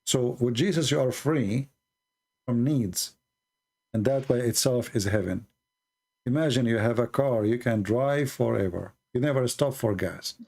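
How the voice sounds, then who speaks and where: Gravelly man preaching on a live call-in. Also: mid-range voice, a little mellow. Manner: earnest, explanatory, halting with fillers. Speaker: host of a live call-in religious stream.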